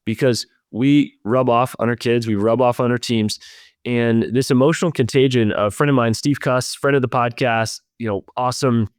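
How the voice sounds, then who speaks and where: A man's voice: medium pitch, fairly even intonation, moderate pace, clean tone, no room sound, studio quality. A man hosting a leadership podcast, talking in an earnest, reflective way and speaking straight to his listeners. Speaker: podcast host.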